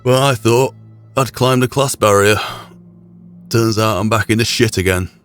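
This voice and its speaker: A man talking in character, gruff and blunt with a lot of swearing. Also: on the low side, moderate pace, fairly bright tone, soft background music. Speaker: roleplayer speaking in character. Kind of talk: in-character roleplay chat.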